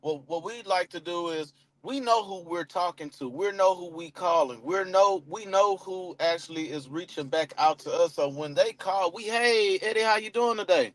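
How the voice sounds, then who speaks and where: A man with a slightly higher voice coaching cold calling in a casual live chat. He talks loosely, circles back with restarts and fillers, and slips into lively acted-out phone greetings. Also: normal speed, few pauses. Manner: loose, repetitive, acts out phone calls. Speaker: real estate coach.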